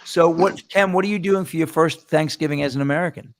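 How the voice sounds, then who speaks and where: A man hosting a casual chat show, telling rambling stories with quick laughs and restarts. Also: fairly high pitch. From New York. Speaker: host.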